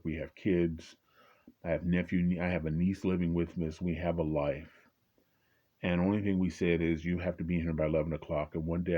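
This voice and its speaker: Now older, a low-pitched man recounts something that happened in his twenties in a conversational way, full of fillers and repeated restarts. He raises his voice to act out angry exchanges, and the recording's highs are cut off.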